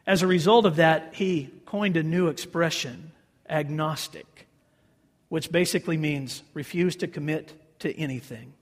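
A man preaching a sermon as pastor, telling a story in an animated way and acting out the quoted voices. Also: a little high, a little slow. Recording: long reverb of a large hall.

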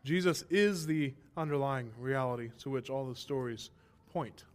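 A man's voice: mid-range voice, moderate pace, smooth. A man preaching a sermon as pastor, emphatic and impassioned, asking rhetorical questions, his throat a little strained.

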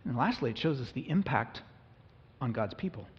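Earnest pastor preaching in an echoing hall. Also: male voice, medium pitch, expressive, moderate pace. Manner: earnest, emphatic preaching with sudden loud rises. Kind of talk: sermon. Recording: muffled, reverberant hall recording.

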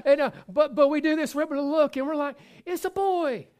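A male pastor preaching a sermon, passionate and repetitive, swinging between loud exhortation and quiet asides, joking with the congregation. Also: extremely high pitch, little pitch movement, fast talker. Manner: repeats phrases for emphasis, jokes with the congregation.

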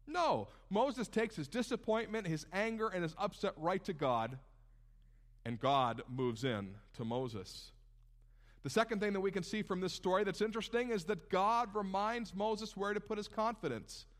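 A man gives a sermon in a fairly high voice. He preaches in an animated, conversational way and slips into casual asides to the congregation. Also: a little slow. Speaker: pastor.

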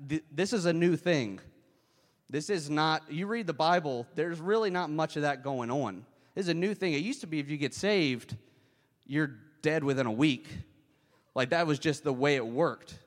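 A man preaching a sermon in a conversational way, often jumping up in pitch as he acts out quoted voices. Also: moderate pace. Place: church hall. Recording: long hall reverb.

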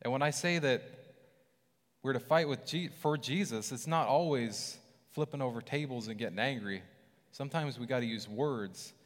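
A man preaching a casual sermon, animated and conversational, acting out scripture with lively voices. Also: mid-range voice, normal speed, long reverb tail.

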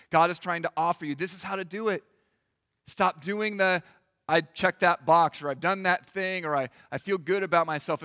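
A high, bright-voiced man preaches a sermon, animated and acting out quick little voices for the congregation. His voice is close and dry on the mic, with a long reverb trailing through the church hall. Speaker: pastor.

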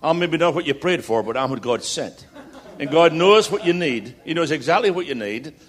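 Guest preacher, male, higher-pitched, rousing and humorous. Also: lively intonation, moderate pace. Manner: rousing, builds to loud repeated declarations; jokey storytelling asides. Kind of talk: sermon.

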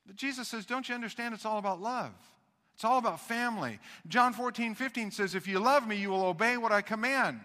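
Bright-voiced preaching man in a hall. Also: sits high, brisk. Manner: animated, folksy preaching with repeated restarts and rhetorical questions. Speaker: pastor. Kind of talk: sermon.

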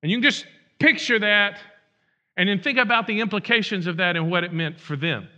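A man's voice: high-pitched, a little fast, sharp tone. A male pastor preaching a sermon, earnest and pleading, repeating phrases and restarting his sentences.

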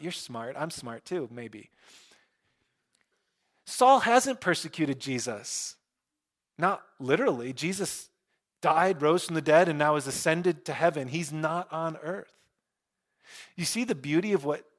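Animated man preaching a sermon. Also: on the high side, measured pace, long pauses. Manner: conversational, joking asides, animated emphasis. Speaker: pastor.

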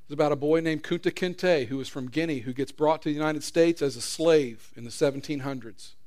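A middle-aged pastor with a somewhat high voice preaches a sermon a little fast. He tells stories earnestly, moving between loud emphasis and quiet prayer.

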